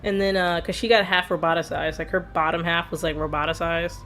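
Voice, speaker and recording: A woman's voice: fairly low pitch, little pitch movement, brisk, a bit bright, soft background music. A woman streamer rambling casually while playing a video game, laughing often as she talks. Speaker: let's play streamer. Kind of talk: casual gameplay commentary.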